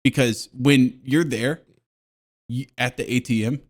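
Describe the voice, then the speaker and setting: A man's voice: mid-range voice, steady tone, a little slow. A man co-hosting a podcast, cutting in with mock-serious jokes in casual chat. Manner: interrupting, joking, mock-serious. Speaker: podcast co-host.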